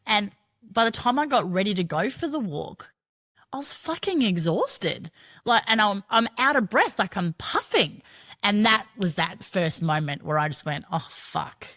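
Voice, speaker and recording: A woman's voice: mid-range voice, very animated, normal speed, a bit bright. A middle-aged Australian woman telling her own story as a podcast guest, frank and chatty, swearing freely. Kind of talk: candid personal storytelling.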